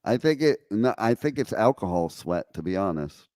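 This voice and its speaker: A man's voice: fairly low pitch, sing-song, warm tone, dry recording. A man co-hosting a casual comedic chat, cutting in with teasing questions. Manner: teasing, quick interjections. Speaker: co-host.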